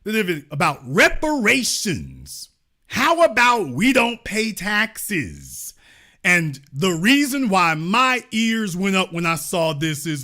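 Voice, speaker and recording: A man's voice: high voice, wildly swooping pitch, slow, bright, forceful tone. A middle-aged man hosting an online show, giving sarcastic political commentary full of mocking, theatrical rhetorical questions.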